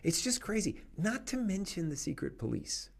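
A man in casual conversation, talking in an animated, opinionated way and laughing often. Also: sits high, normal speed, creaky, slightly rough.

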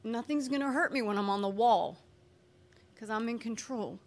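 A woman telling an emotional personal testimony, animated and expressive, acting out what people said. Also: a little high, normal speed. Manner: animated, expressive, acts out quotes. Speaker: speaker sharing a personal testimony.

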